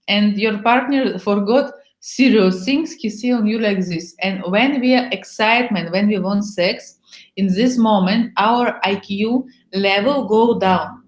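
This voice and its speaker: A woman, speaking broken English as a workshop host in a casual chat, frank and playful, acting out little scenes as she goes. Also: medium pitch. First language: Bulgarian. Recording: echoey room.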